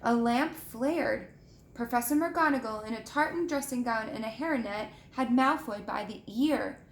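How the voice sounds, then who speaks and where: A woman reading a children's book aloud with gentle, expressive storytelling and showing the pictures. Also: a little high, measured pace, slight background noise. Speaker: reader. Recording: echoey room with faint ambience.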